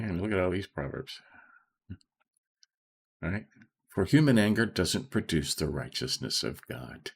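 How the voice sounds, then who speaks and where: Sitting low with a breathy edge, this middle-aged man's voice carries an informal, gentle Bible study as he reads and unpacks scripture. He frequently asks "okay?" and slows way down on the key phrases he wants to emphasize.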